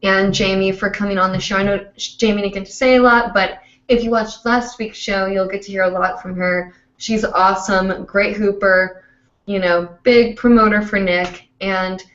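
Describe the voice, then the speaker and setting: A woman's voice: mid-range voice, fairly even intonation, normal speed, a bit bright. A woman hosts a casual live online show and rambles through her sign-off with plenty of fillers. Her voice sits at a middling height and carries a noticeable room echo. The sound is dull and lo-fi, like a web call. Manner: rambling and chatty, with many fillers. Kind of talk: casual live-stream chat.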